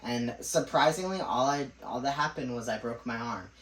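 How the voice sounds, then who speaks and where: A man's voice: mid-range voice, moderate pace, fairly bright tone, a little hiss or hum. A man co-hosting a podcast, telling a story in a rambling way with lots of laughs. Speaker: podcast co-host. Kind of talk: casual chat. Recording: echoey room, mic at a distance.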